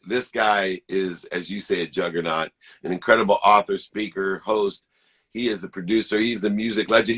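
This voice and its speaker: A man's voice: on the low side, a bit bright, breathy edge. A man co-hosting a talk show, enthusiastic and preachy, rambling with spiritual asides. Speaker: show co-host. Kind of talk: energetic podcast conversation.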